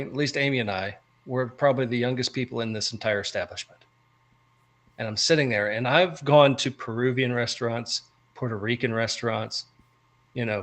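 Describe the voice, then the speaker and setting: Co-hosting a laid-back podcast conversation, a man from the United States speaks with a bright, forceful tone at an ordinary middle pitch. His long, animated stories keep veering into ranting asides.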